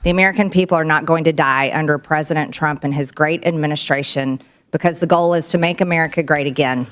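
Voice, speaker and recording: A woman's voice: low-pitched, fairly even intonation, fast, fairly bright tone. A woman speaking formally at a congressional hearing, emphatic and insistent.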